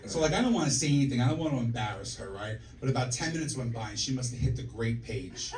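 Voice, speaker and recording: Talking fast and animated yet a little mellow, a mid-range-voiced man in his forties delivers brash, profane stand-up, telling punchy stories from a comedy club stage. The club is echoey and recorded from afar, with the audience laughing.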